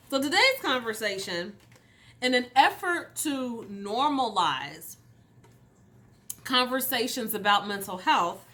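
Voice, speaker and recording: Bright-voiced woman chatting through a mukbang. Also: on the high side. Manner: chatty, talks while eating, addresses viewers directly. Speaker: mental health coach and channel host. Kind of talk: casual mukbang vlog chat.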